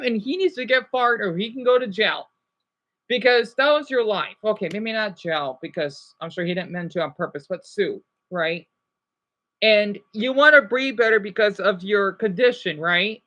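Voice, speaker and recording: Man in his thirties, high voice, very animated pitch, rambling agitated rant, frequent swearing and apologies. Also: normal speed. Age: 30s. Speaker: vlogger. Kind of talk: ranting commentary vlog.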